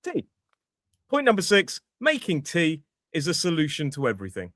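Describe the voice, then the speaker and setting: A British man talks in a bright, fairly high voice that swoops all over as he jokes with his co-host. He is animated and quick to exclaim. His voice is close and dry on the mic. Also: dry recording. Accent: British English. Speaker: podcast co-host and English teacher. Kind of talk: casual chat.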